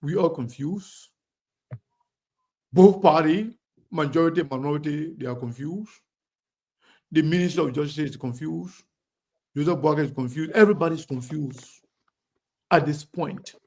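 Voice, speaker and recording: A man's voice: on the high side, creaky, a little mellow. A man hosting a heated political debate, pushing his guest with repeated questions and cutting in. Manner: presses with repeated questions, cuts in.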